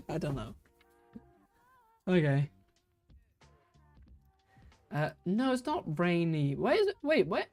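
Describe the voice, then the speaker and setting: Low-voiced woman hosting a chatty livestream. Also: sing-song, normal speed, long pauses, mellow, faint music behind. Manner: chatty, giggly, trips over words. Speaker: livestream host running a quiz. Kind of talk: casual live-stream chat.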